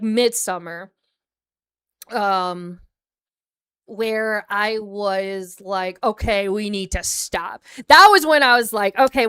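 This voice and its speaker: A woman's voice: mid-range voice, fairly bright tone, clean tone. A young American woman chatting casually on a livestream as a VTuber, rambling with lots of fillers and frequent laughter. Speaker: VTuber streamer.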